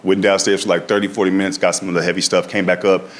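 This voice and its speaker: A man's voice: low voice, flat delivery, fast talker. A male stand-up comedian telling stories on stage in a conversational way, often tagging lines with "right?". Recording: echoey room, noisy background.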